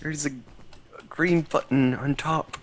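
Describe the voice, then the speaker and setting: A man's voice: fairly high pitch, steady tone, slow. A man co-hosting a charity stream over a voice call, upbeat and coaxing, thanking donors and passing on news. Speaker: stream co-host reading donations. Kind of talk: casual chat on a voice call.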